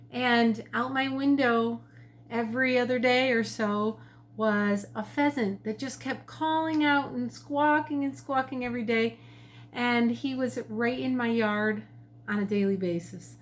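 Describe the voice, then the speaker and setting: A woman, a teacher, reading her own picture book to children from her home kitchen with gentle, expressive storytelling. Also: on the high side, a little hiss or hum.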